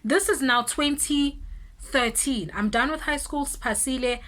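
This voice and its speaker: A South African woman in her twenties telling an animated storytime vlog, switching languages and breaking into loud exclamations. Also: high-pitched, unhurried. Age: 20s. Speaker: vlogger.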